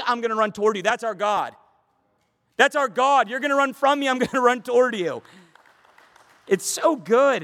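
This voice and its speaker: High-voiced fervent preacher in a reverberant hall. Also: male voice, bright, forceful tone. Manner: fervent, emphatic, repeats phrases for stress. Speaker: pastor teaching a Bible study. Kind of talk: expository sermon.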